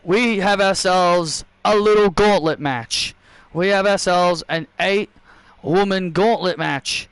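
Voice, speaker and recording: A man playing a calm, weary general manager in a wrestling game, speaking slowly and evenly in a lowered voice. The voice is crisp and the recording dry. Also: no room sound, rough recording. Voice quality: lowered, even voice.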